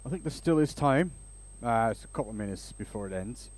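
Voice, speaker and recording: Male live-stream host, mid pitch, animated, chatty storyteller. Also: a little fast. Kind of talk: casual live-stream chat.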